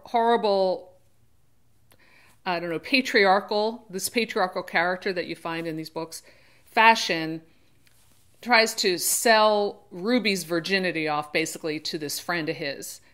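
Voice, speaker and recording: A woman with a medium-pitched, sharp, clear and resonant voice hosts her own channel for a casual book discussion. She wanders off topic, restarts and corrects herself frequently, and quotes characters in brief acted voices.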